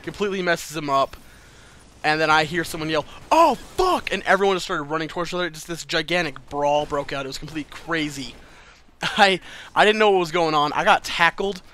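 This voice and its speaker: Bright, crisp-voiced guy telling a story. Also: a little high, fairly quick. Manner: loose and chatty, laughs between lines, swears freely. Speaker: vlogger telling a personal story. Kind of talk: casual storytelling.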